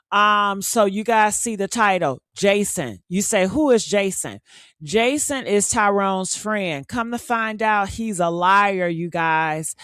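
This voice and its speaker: A woman with a hoarse voice hosting a casual live stream, talking straight to her viewers. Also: medium pitch, a bit bright, dry recording, studio quality. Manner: chatty, addresses viewers directly.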